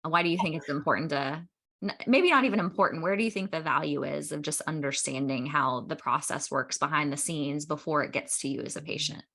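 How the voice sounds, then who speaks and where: A woman's voice: deep voice, brisk, a bit bright. A woman hosting a podcast, asking questions in a chatty, opinionated way. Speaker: podcast host. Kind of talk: casual interview chat.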